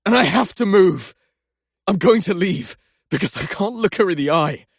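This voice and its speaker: A man's voice: high-pitched, animated, normal speed, vocal fry, slightly rough, no room sound, clean studio sound, exaggerated voice. An actor playing an anguished young male doctor, ranting in guilt and swearing at himself in an audiobook. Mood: guilt-ridden. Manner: swearing outbursts, self-loathing rants. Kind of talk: audiobook character acting.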